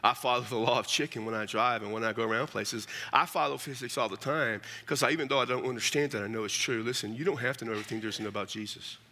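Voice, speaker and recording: Middle-aged male preacher, gravelly and bright, folksy joking storyteller who calls everyone "man". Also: medium pitch, fairly even intonation, quick pace, hardly any pauses. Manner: folksy and humorous, addresses listeners as "man". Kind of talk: storytelling sermon.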